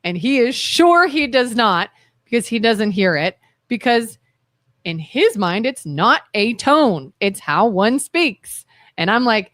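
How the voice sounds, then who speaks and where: A woman co-hosting a radio talk show, chatting casually and quickly, acting out her side of arguments and laughing often. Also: on the high side, big pitch swings, a bit bright, dry recording, clean studio sound. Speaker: co-host. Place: radio studio. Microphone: studio microphone.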